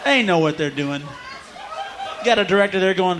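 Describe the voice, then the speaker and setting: A man from the United States ranting through a stand-up set with constant cursing and laughter. His voice is very high and animated, with a loud live audience and room noise behind. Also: normal speed, a crowd in the background. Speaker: stand-up comedian. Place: live stage before an audience.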